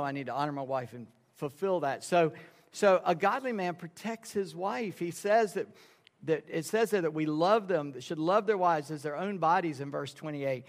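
Pastor guy preaching, kinda higher voice, tells homey stories and does the voices, big echoey church. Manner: folksy storytelling, acts out dialogue in quoted voices. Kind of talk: sermon. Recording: reverberant sanctuary sound.

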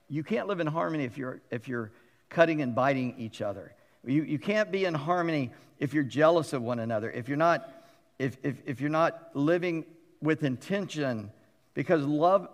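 Gravelly middle-aged pastor in a reverberant hall. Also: male voice, fairly high pitch. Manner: conversational and animated, acting out quotes with humorous asides. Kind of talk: sermon. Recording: long reverb of a large hall.

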